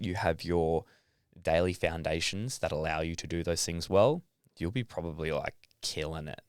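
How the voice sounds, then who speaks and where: A man's voice: sits low, clean tone, no room sound, clean studio sound. An Australian man, a young adult athlete, talking casually as a podcast guest, swearing now and then and acting out his own thoughts. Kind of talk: casual interview talk.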